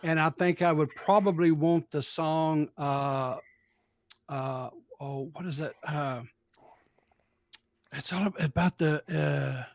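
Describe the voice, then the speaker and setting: A man's voice: fairly high pitch, fairly even intonation, slow, gravelly, no echo. A man on a podcast, hesitant and groping for words in casual chat.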